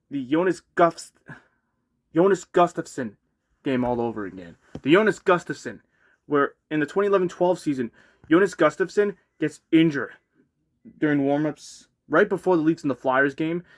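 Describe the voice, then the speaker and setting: A young man giving an unscripted, rambling sports rant, exasperated and full of restarts and outbursts. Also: fairly high pitch. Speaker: hockey fan ranting on his channel.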